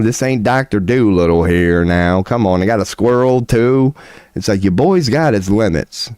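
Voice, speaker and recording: A man hosting a livestream, telling a long story in a rambling, animated, slangy way with plenty of swearing. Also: on the low side, no room sound, clean studio sound. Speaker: livestream host.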